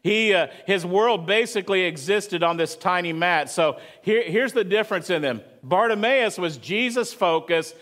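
A man's voice: sits high, moderate pace, hardly any pauses, fairly bright tone. A man preaching a sermon at church, talking conversationally and asking the congregation questions. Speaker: pastor.

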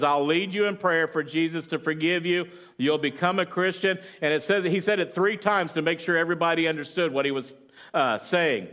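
A man with a somewhat high voice preaches to his congregation. He tells a long story aloud and quotes the people in it, with fillers and restarts along the way. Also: fairly bright tone. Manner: retells a story with quoted lines, halting fillers. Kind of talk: sermon storytelling.

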